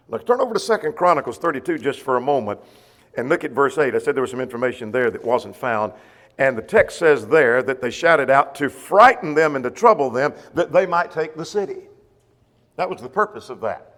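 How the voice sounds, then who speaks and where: A man's voice: medium pitch, lively intonation, moderate pace, fairly bright tone. A man teaching a church Bible class, reading scripture aloud and explaining it with frequent ums and uhs. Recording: echoey church hall.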